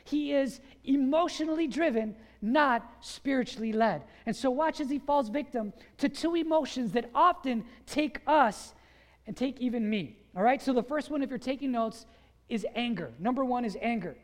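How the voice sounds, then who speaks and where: A pastor preaching a sermon, animated and quizzing the congregation with questions. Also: sits high, moderate pace. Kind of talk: sermon with call-and-response questions. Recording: long reverb of a large hall.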